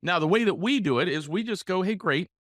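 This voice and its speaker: A man hosting a solo coaching podcast, explaining sales calls and acting them out with deliberate pauses and shifts in inflection. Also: sits high, expressive, fairly bright tone, no room sound, studio quality. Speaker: podcast host, real estate coach.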